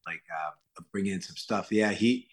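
A man's voice: low voice, moderate pace, a crowd in the background. A man from Worcester, Massachusetts, a guest actor rambling casually through anecdotes and acting out the quotes. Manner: animated, rambling, acts out quotes loudly.

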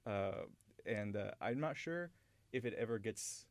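Hosting a podcast, a man rambles enthusiastically about a film he loves, restarting his thoughts again and again in this casual film discussion. His voice is fairly low and animated, unhurried, with no room sound.

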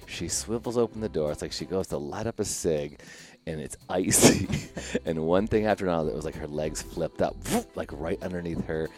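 A man's voice: low-pitched, fairly quick, a little mellow, soft background music. A man from the Chicago area hosting a casual podcast, telling stories animatedly and laughing often. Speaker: podcast host.

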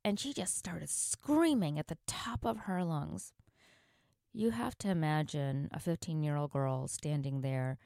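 Low-voiced woman telling a story. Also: a little mellow, no room sound, studio quality. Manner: earnest, reflective storytelling with sound-effect words. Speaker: podcast host. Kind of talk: storytelling monologue.

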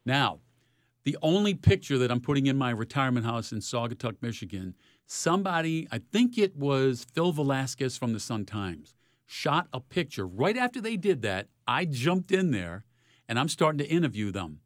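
A retired sports reporter in his sixties, telling lively stories in an interview. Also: moderate pace, no echo, studio quality. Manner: animated storyteller, rising loud in highlights. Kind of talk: storytelling interview.

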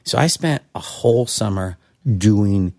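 Man, middle-aged, from Santa Cruz, gravelly, fry, lively storytelling. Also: unhurried. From Santa Cruz, California. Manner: animated, acts out quotes with big pitch jumps. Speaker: podcast guest. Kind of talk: casual storytelling.

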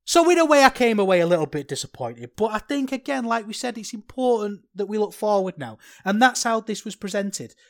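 A man hosting a solo podcast, talking in an animated, ranting way that swings from worked-up to sheepish. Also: sits high, fairly quick, few pauses. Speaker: podcast host.

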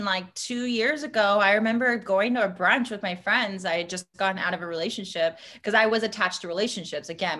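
A woman in her thirties co-hosting a casual chat, an animated storyteller who laughs often and acts out quotes with big jumps in pitch. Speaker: podcast co-host.

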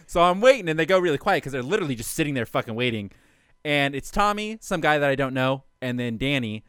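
A man co-hosting a casual chat, telling a story in an animated way, swearing and laughing through it. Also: medium pitch, quick pace, clear, resonant tone, no echo, clean studio sound.

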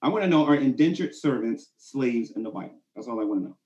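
A man's voice: mid-range voice, animated, fast, a little mellow, echoey room, muffled recording. A man in a debate who asks blunt questions and demands yes-or-no answers. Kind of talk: heated online debate.

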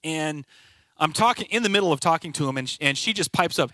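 A man's voice: on the high side, lively intonation, fast, sharp tone, no echo. A middle-aged man sharing a personal testimony about his work life, reflective and earnest, telling it as a story. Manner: storytelling, quoting others in conversation. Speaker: team leader at a brokerage.

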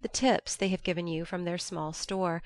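A woman narrating an audiobook in a measured, gently earnest way. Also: on the low side, steady tone, dry recording. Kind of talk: audiobook reading.

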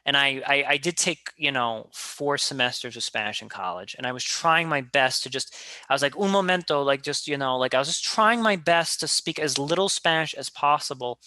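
Male, casual chat, animated storyteller, bright forceful tone, dry close sound. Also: mid-range voice, moderate pace, hardly any pauses, dry recording. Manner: animated storyteller, many restarts and filler words. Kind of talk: casual conversation.

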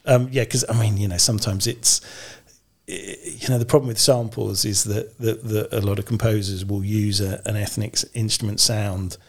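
Gravelly low-voiced man, rambling. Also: level tone, normal speed. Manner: rambling, self-interrupting, laughs often. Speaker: guest orchestrator. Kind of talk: casual interview chat.

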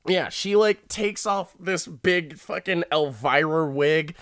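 Man, comedic episode recap, profane, laughing, unhurried delivery, dead dry recording. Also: on the high side, a bit bright, dry recording. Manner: profane, laughs often while talking. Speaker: show recap host.

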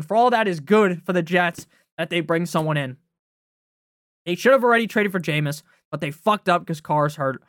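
A man's voice: high voice, fairly bright tone, dry recording, studio quality. A young man hosting a fantasy football podcast, ranting casually with lots of swearing and a habit of asking "right?". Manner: brash, swearing, fast-talking, often asks "right?". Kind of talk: profane casual sports rant.

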